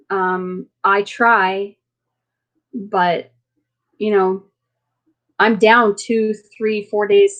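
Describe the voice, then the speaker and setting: A woman hosting a casual live chat, talking in an earnest, halting way and often circling back on herself. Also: medium pitch, poor audio. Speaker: livestream host.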